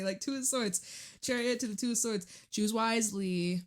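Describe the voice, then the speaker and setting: A woman talks through a tarot spread in a loose, chatty way, full of fillers and quick laughs. Her voice sits in an ordinary middle pitch for a woman. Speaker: tarot reader. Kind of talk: casual tarot reading.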